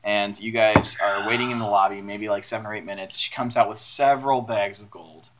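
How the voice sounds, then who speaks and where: A man's voice: on the low side, fairly even intonation, brisk, very noisy. A young man running a tabletop game, narrating casually and reining in players with dry amusement. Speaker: game master.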